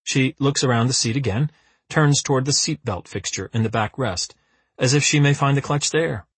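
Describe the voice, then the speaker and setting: A man narrating an audiobook with a lively, dry comic storytelling manner. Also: mid-range voice, moderate pace, breathy edge, no room sound.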